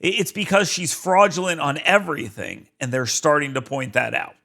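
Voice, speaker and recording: A man's voice: on the high side, animated, normal speed, creaky, pushed and bright. A man hosting a talk radio show, giving assertive commentary.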